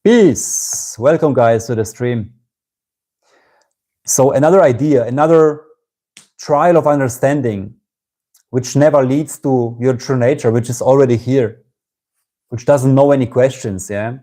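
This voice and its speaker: German-accented male satsang teacher, mellow tone, reflective with tag-question "yeah?"s. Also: medium pitch, unhurried, pauses often. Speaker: spiritual teacher. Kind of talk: live-streamed satsang talk.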